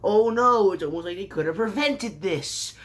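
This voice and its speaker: A man's voice: high voice, animated, normal speed, a bit bright. A man casually recapping a show with sarcastic, rambling asides and mock surprise. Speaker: show reviewer.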